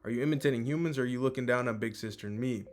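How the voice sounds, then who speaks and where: A man's voice: mid-range voice, very fast, close to an everyday voice. A man reading the lines of a scornful, mocking male god scolding his brother. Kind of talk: reading manga dialogue aloud.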